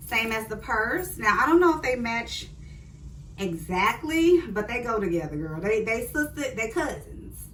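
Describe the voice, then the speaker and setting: A woman's voice: fairly high pitch, fairly bright tone, recorded from a distance, a little hiss or hum. Chatty woman vlogger in an echoey room. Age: 40s. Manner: chatty, talks straight to viewers as "girl" and "sis". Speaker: fashion vlogger. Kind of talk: casual try-on haul chat.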